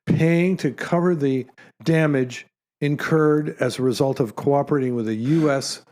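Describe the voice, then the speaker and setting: A man's voice: a little high, unhurried, darkish tone. A man co-hosting a casual podcast, chatty and full of wry interjections. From Canada. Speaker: podcast co-host.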